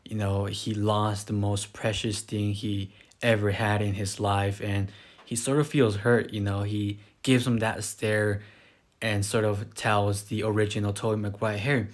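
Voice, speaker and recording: A man's voice: lowish voice, level tone, measured pace. A man casually recapping a film plot in a loose, rambling way, full of fillers. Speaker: movie reviewer. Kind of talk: casual spoken movie recap.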